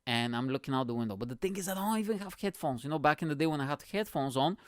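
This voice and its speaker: A man's voice: a little high, expressive, quick pace, no room sound, studio quality. A male comedian hosting his own show and telling a rambling, profane story, full of "you know" and "right?". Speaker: comedian host.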